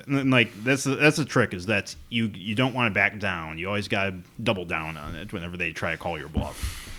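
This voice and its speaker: A man's voice: deep voice, fast, bright, forceful tone. A man co-hosting a podcast in casual chat, telling rambling stories with chuckles. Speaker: podcast co-host.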